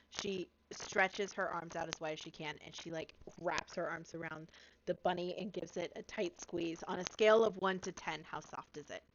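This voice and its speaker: A woman's voice: on the low side, muffled recording, a little hiss or hum. A woman playing a tabletop game, giggly and hesitant as she describes her character's actions. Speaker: player.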